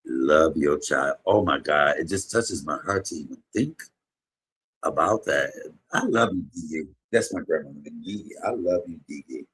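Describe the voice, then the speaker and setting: A man in his fifties talks in a low, deep register with a husky, raspy texture. He chats casually on a livestream, rambling through emotional stories that break into sudden loud bursts. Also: expressive, moderate pace. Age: 50s. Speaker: comedian streamer. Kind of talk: casual livestream chat and storytelling.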